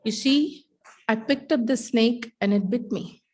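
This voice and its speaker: A middle-aged woman giving a keynote talk, a teacher telling a story with wry humor and dramatic pauses. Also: fairly high pitch.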